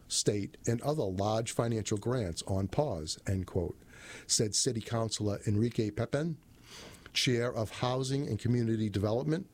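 A man reading a city news release aloud in a steady manner, lifting his voice for quoted passages and correcting his own slips. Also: medium pitch. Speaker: reader of a city press release.

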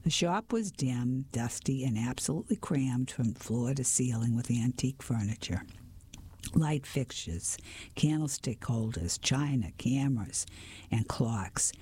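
A narrator reading a mystery story in a soft, steady whispered role-play. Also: medium pitch, unhurried, breathy edge.

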